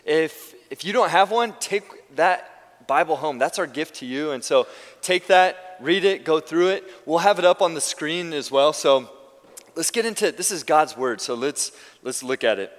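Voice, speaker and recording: A male pastor with a voice on the high side speaks expressively at normal speed, a long reverb tail ringing through the church sanctuary. His preaching is conversational, and he restarts his sentences often.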